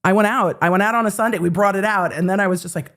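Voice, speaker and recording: A woman in her forties hosting a show, telling a story in casual chat, animated, swearing freely and acting out the quotes. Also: mid-range voice, rapid-fire. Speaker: host.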